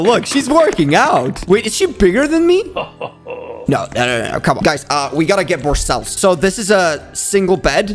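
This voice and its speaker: A lively man narrates his game in an animated, sing-song voice that climbs high whenever things go wrong. He plays up a bossy cop act with quick jokes. Faint game music runs behind him. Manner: excitable, jumps into high yelps when panicking; jokingly acts as a bossy prison cop. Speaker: gaming video host. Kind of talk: playful let's-play commentary.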